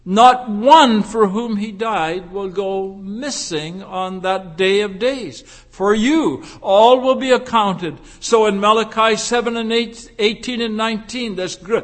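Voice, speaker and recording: Brief: male preacher, high voice, slow and emphatic, echoing sanctuary. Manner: earnest, emphatic, with frequent fillers. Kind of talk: sermon. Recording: long hall reverb.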